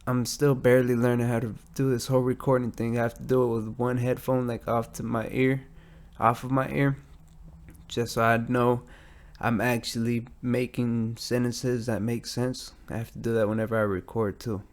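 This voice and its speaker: A man's voice: mid-range voice, little pitch movement, normal speed. A man with an American accent hosting a casual solo podcast, rambling and profane, recording at night in a metal garage. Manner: profane, rambling, self-deprecating. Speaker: podcast host. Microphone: studio mic with headphones.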